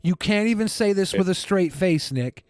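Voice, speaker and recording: A man's voice: sits high, lively intonation, moderate pace, no echo, clean studio sound. A man hosting a podcast in casual chat, with crude, mocking banter. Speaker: podcast host.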